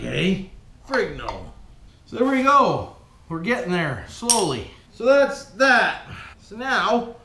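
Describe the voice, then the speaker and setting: A folksy man chats and curses his way through a workshop job, his voice rising and falling in a lively, sing-song way. He sounds like he is in a bare, echoey room. Metal tools clatter loudly around him. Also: sits high, slight background noise. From Canada. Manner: folksy, swears a lot, keeps calling viewers "boys". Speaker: vlog host rebuilding an engine. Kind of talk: casual workshop vlog. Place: home workshop, working with tools.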